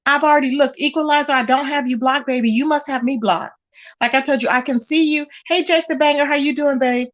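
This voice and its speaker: Woman host for a casual gossip livestream, a little high-voiced, talkative, talks right to the chat. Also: steady tone, a little fast, fairly bright tone. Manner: chatty, addresses viewers directly, exclaims often. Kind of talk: casual live-chat commentary.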